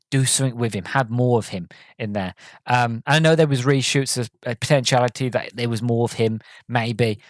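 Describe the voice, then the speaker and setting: A man hosting a podcast, reviewing a movie in a rambling, excitable monologue full of stumbles and restarts. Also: medium pitch, no room sound, studio quality. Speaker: podcast host.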